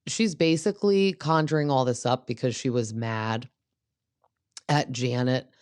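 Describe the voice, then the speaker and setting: A woman's voice: extremely low pitch, measured pace, darkish tone, no echo, studio quality. A woman hosting a podcast, recapping a reality show in a chatty, gossipy way and acting out what the cast members said. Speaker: podcast host.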